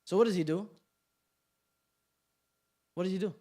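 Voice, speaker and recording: Animated young male class instructor. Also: high voice, moderate pace. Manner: animated, joking, questions the room. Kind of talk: interactive class talk. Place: community center classroom.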